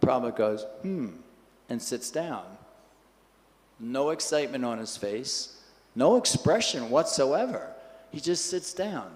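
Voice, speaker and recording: A man giving a scripture class in a temple hall, telling an anecdote in a lively way and acting out the quotes. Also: medium pitch, measured pace. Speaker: class speaker.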